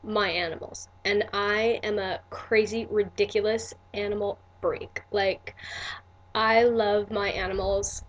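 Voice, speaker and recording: A woman's voice: mid-range voice, level tone, unhurried, lo-fi sound. A woman, telling a personal story in a candid, earnest vlog with many restarts and asides. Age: 40s. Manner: earnest and emotional. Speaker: vlogger.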